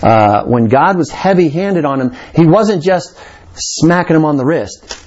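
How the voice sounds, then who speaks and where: A man's voice: a little high, animated, measured pace, darkish tone, muffled recording. A man preaching a sermon, reading scripture aloud and then explaining it with emphatic repetition. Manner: reads scripture aloud then explains, stresses key words. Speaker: pastor. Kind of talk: expository sermon.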